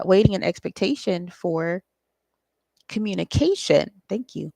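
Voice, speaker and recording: A woman's voice: mid-range voice, gravelly, a little mellow, no room sound. A woman giving a casual solo tarot reading, thinking aloud in a loose, profane way with frequent ums. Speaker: tarot reader and psychic channeler.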